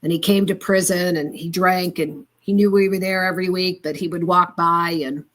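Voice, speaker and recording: An older woman with a somewhat low voice speaks as a guest on a talk show. She tells her story in an earnest, heartfelt way and keeps it conversational. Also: steady tone, normal speed, a bit bright. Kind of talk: casual conversation.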